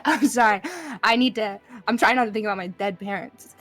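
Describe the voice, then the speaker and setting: A woman's voice: medium pitch, steady tone, a little fast, fairly bright tone, faint music behind. Playful woman player, teasing. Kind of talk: tabletop game chat.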